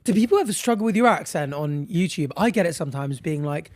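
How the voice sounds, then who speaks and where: A man's voice: fairly high pitch, quick pace, few pauses, no echo. A man from England co-hosting a podcast in casual, jokey chat, throwing in meme quotes. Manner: chatty, jokey, quotes internet memes. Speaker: podcast co-host.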